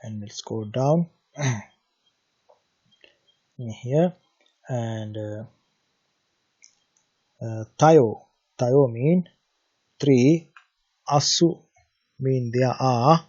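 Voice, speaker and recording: A man with a Sri Lankan accent talks through a Pali language lesson at a slow, deliberate pace, saying each word and then its meaning. His voice is mid-pitched and husky, and he pauses often on hesitant "uh"s. The recording sounds dull and lo-fi. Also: a little mellow. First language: Sinhala.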